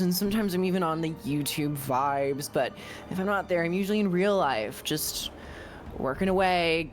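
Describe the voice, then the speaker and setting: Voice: mid-range voice, moderate pace, slight background noise. A podcast guest in casual chat, talking in laid-back surfer-bro slang.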